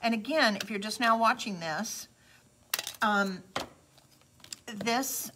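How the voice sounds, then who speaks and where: A woman's voice: a little high, slow, bright, forceful tone, a little hiss or hum. A middle-aged woman with a Southern US accent hosting a casual live craft demo, chatty and folksy, talking straight to viewers. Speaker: craft host demonstrating a product.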